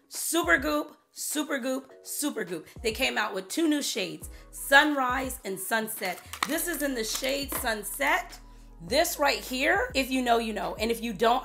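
A woman's voice: mid-range voice, gravelly, a bit bright. A woman beauty vlogger chatting casually to camera, bubbly and talkative, repeating words for emphasis.

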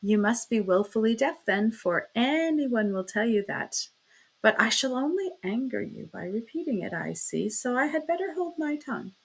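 A woman voicing a coy young woman who spreads gossip in a hushed, insinuating way. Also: on the high side, lively intonation, moderate pace, gravelly, husky, exaggerated voice, low-quality recording. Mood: sly, hushed.

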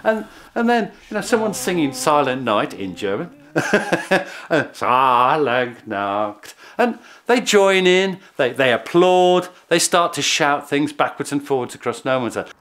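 A historian telling the story in an animated, chuckling way in a documentary interview. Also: male voice, on the high side, normal speed, few pauses.

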